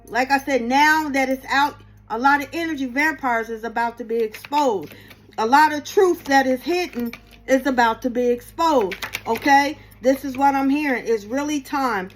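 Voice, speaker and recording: Sassy high-voiced woman giving blunt spiritual advice. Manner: sassy, blunt, swears freely, addresses viewers as baby and y'all. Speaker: spiritual reader. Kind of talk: motivational tarot message.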